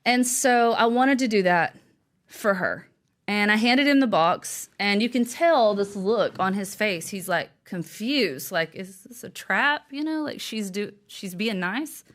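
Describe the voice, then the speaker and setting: An earnest woman speaks as an interview guest and author, telling a personal story. Her delivery is halting and emotional, with frequent restarts. Her voice sits at an ordinary middle pitch. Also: animated, fairly bright tone.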